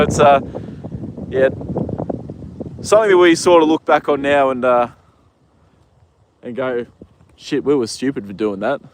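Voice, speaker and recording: A young man telling stories outdoors on a casual live stream, rambling and relaxed, with lots of fillers and the odd swear word. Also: medium pitch. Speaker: live streamer working in horse racing. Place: outdoors with horses in the wind. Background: faint wind noise.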